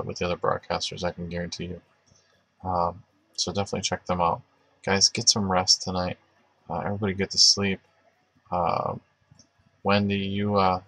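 A man's voice: low voice, gravelly, a bit bright, no echo. A man hosting a casual faith livestream, chatting loosely with many fillers and restarts, and praying aloud for viewers. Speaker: livestream host. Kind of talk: casual livestream chat with prayer.

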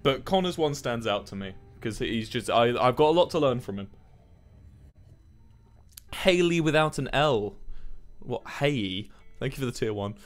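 A young man chatting casually to his stream viewers, telling stories in a rambling, animated way with plenty of swearing. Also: medium pitch, measured pace, long pauses, faint music behind.

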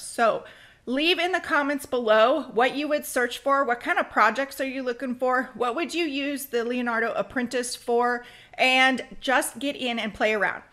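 A woman hosting a screen-recorded crafting software tutorial, chatty and practical, speeding up when she gets excited. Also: fairly high pitch. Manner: practical, direct advice.

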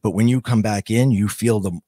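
A man on a podcast reflects earnestly on his own near-death story, halting and restarting while he gropes for words. His voice is on the low side, steady and dark in tone, at a moderate pace, and the studio recording is dry and clean.

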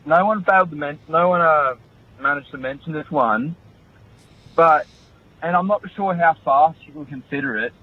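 A man's voice: fairly high pitch, normal speed. A man leaving a casual, laid-back voice message as a caller. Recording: tinny phone line.

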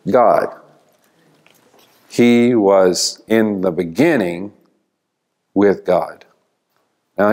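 A man teaches a church Bible class in a low voice. He takes his time, explaining patiently and pausing to put questions to the class. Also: a little mellow.

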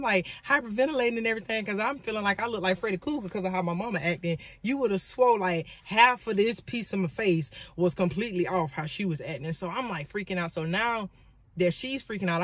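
A woman, from Florida, telling a personal story in a dramatic, animated vlog with frequent asides. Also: medium pitch, dry recording. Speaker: vlogger and motivational speaker.

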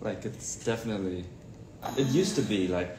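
A man's voice: fairly low pitch, fast talker, a little mellow. A young man joining a casual livestream chat, teasing in a dry, offhand way. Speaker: co-host, her brother. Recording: roomy room with audible hiss.

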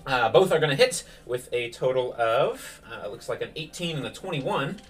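A man narrating as game master of a tabletop game, relaxed and full of fillers. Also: medium pitch, moderate pace, distant mic.

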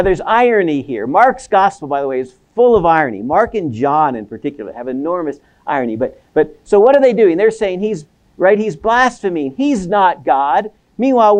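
A man with a somewhat high voice lectures at a seminary, lively and engaged. He slips into quoted voices and doubles back on his words as he thinks aloud. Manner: animated, acts out quoted voices, repeats words. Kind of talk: academic lecture. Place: lecture hall.

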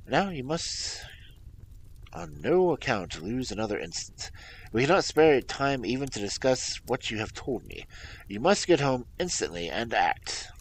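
A man reading aloud, voicing a commanding, impatient male detective with loud, emphatic exclamations. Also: medium pitch, big pitch swings, measured pace, slight background noise, poor audio. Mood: brisk. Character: commanding urgent male detective, middle-aged.

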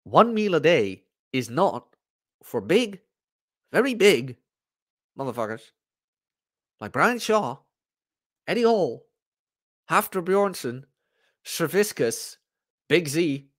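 A man hosting a casual livestream podcast and ranting with blunt, profane humor. His voice sits a touch high for a man and swings widely in pitch as he gets worked up. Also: sing-song, slow, long pauses. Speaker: podcast host.

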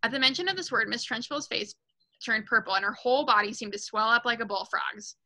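A woman reads a children's novel aloud to her book club, stumbling now and then and adding asides. Her voice is very bright and fairly high. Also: a little fast, rough recording. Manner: reads with light commentary and small slips.

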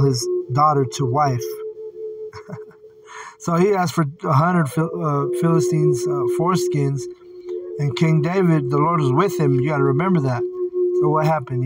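A man reading scripture aloud and commenting on it in a casual, blunt way, often swearing. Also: fairly high pitch. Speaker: Bible teacher. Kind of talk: casual Bible study commentary. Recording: distant mic with singing bowl music.

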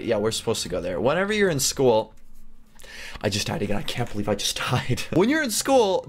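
An excitable young man chats his way through a game, his pitch swinging widely and leaping into high squeals whenever he is caught off guard. His delivery is loose, casual running commentary. Quiet music plays underneath him. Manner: excitable, jumps into high squeals when surprised. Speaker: gaming channel host. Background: faint background music.

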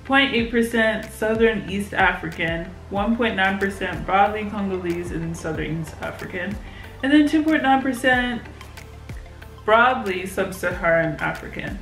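Brief: young woman vlogger, unhurried giggly chat, roomy echoey room. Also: medium pitch, fairly bright tone, faint music behind. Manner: giggly, chatty, lots of fillers. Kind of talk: casual vlog chat. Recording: roomy echo.

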